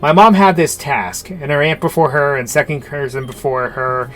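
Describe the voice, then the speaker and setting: A man's voice: a little high, moderate pace, a bit bright, soft background music, natural voice. A man voicing a brash, eager environmentalist ally in a game, chummy with crude slang. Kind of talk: reading game dialogue aloud.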